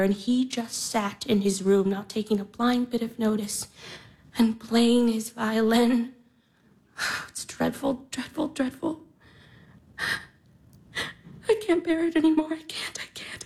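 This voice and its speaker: An actress in her twenties playing a despairing young woman worn out by work, speaking in anguish with breathy whispered breaks. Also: fairly high pitch, unhurried, a little mellow, rough recording. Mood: bitter. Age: 20s. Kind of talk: stage drama acting.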